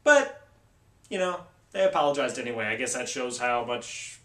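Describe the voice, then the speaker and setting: A man's voice: medium pitch, animated, normal speed, sharp tone, echoey room, distant mic. A man hosting a tech video, ranting casually with sarcasm and exasperation.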